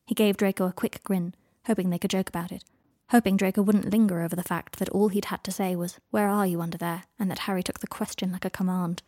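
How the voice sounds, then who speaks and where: A woman's voice: mid-range voice, fairly even intonation, dark tone, no echo. Woman reading a story, dry close sound. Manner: measured, unhurried phrasing. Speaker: narrator. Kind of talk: audiobook reading of fan fiction.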